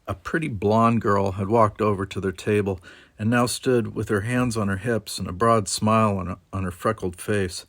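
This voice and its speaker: A man reading a novel aloud in a steady, measured narration. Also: fairly low pitch. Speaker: audiobook reader.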